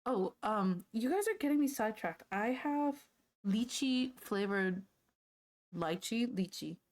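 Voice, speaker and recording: A woman's voice: a little high, expressive, unhurried, darkish tone. Playful woman streamer chatting with viewers. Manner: playful, chatty, easily sidetracked, often laughing. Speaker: livestreamer. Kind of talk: casual chat with live viewers.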